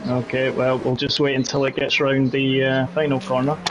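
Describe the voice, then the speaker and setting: A man's voice: medium pitch, completely flat delivery, normal speed, dull audio, noisy background. A man joining a sim racing broadcast, jokey and rambling, with many hesitations.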